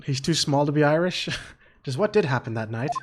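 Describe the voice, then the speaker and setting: A man's voice: on the high side, lively intonation, a little fast, background noise. A man streaming a game, chatting loosely and self-mockingly, swearing often. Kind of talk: casual game let's-play commentary. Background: background music.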